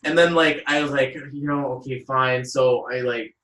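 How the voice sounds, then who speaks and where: A man chats casually on his podcast, bouncing between his own voice and lively impressions of the people in his story. His voice sits in a middle register. The room is echoey and he is set a bit back from the microphone. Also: medium pitch, normal speed. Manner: animated storyteller who acts out quotes. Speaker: podcast host. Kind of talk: casual chat. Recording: roomy echo, voice a little far off mic.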